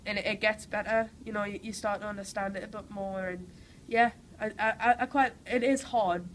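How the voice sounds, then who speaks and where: A young Geordie woman from Newcastle, England, is an actress with a cold, answering casual interview questions with enthusiasm and plenty of "like" and "you know." Her mid-range voice has fairly even intonation and moves a little fast. The recording is low-quality, with slight background noise.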